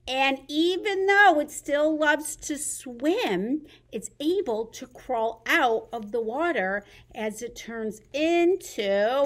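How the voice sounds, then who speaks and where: Woman librarian hosting baby storytime; bright high pitch, slow deliberate delivery, songs and stretches. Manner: slow, sing-song and animated for babies. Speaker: children's librarian.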